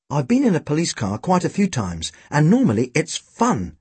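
A man narrating a storybook with a dry, wry, expressive delivery. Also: a little high, moderate pace, few pauses, breathy edge, dry recording. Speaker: audiobook reader.

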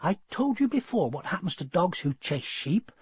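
A man's voice: high-pitched, sing-song, normal speed, darkish tone, slightly rough, dry recording, heavily acted. A man doing a stern mother sheepdog. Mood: angry. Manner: scolding, firm. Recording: dull, dry lo-fi recording.

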